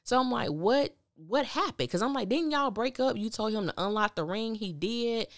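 On her podcast, a woman with a fairly high voice and lively intonation recaps a TV drama at a moderate pace. She speaks candidly and casually, sharing strong opinions and acting out what characters say, in clean studio audio without room sound.

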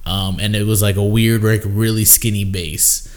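A man's voice: on the low side, fairly even intonation, normal speed, a little mellow. A young man co-hosting a podcast, rambling and joking in casual chat, full of fillers. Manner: rambling, jokey, filler-heavy. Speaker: podcast co-host.

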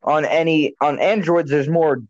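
A man's voice: fairly high pitch, steady tone, normal speed. A man hosting a casual podcast chat, rambling and blunt, often correcting himself mid-sentence. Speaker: podcast host. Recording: dull lo-fi sound.

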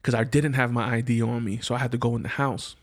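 Slangy, animated male storyteller. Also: medium pitch, fast talker. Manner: slangy, animated, acts out quoted voices; frequent restarts and repeated words. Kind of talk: casual personal storytelling.

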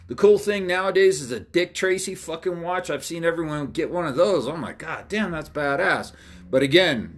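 A loud, blunt man rants alone on his podcast and swears at nearly every turn. His pitch swings widely up and down as he acts out both sides of arguments he has had. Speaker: podcast host. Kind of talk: profane solo rant.

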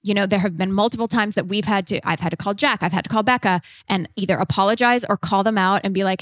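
A woman's voice: medium pitch, quick pace, fairly bright tone, no echo. A woman guest on a podcast interview, talking casually with lots of "like" fillers and acting out quoted lines. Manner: chatty, many "like" fillers, acts out quoted lines.

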